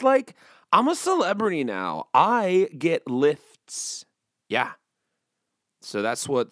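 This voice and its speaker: A man's voice: medium pitch, fairly bright tone, no echo, clean studio sound. A man hosting his comedy podcast, rambling in a self-mocking way and hungover. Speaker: podcast host. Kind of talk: casual comedic podcast chat.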